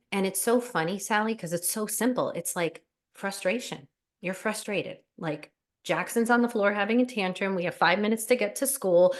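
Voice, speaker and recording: A woman life coach talking earnestly as an interview guest, animated and full of fillers. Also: medium pitch, normal speed. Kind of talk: casual interview chat.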